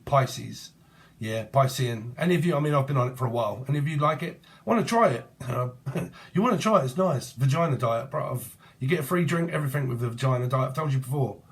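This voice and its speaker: A man giving a rambling tarot reading, free-associating between word plays and names in a casual, slangy way. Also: mid-range voice. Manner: casual, swears and uses slang. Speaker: tarot reader.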